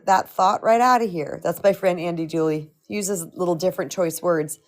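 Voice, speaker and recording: A middle-aged woman coaching on a live stream, with a slightly crackly voice, talking in an animated, chatty way and answering viewer comments. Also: medium pitch, brisk, few pauses. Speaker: spiritual empowerment coach.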